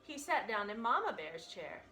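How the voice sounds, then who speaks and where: A woman teacher reading a picture book aloud with expressive, animated storytelling. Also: medium pitch, moderate pace, reverberant, soft background music, rough recording.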